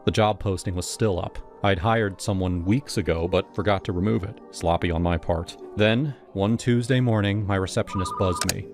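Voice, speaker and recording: Low-voiced male storyteller over music. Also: normal speed, few pauses. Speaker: narrator. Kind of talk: scripted first-person horror narration.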